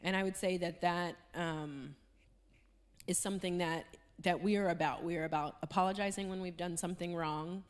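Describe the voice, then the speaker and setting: A soft-spoken woman shares her thoughts in a church panel talk. Her voice sits somewhat low for a woman, and she talks earnestly with frequent "um" fillers. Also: steady tone, normal speed. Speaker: church speaker.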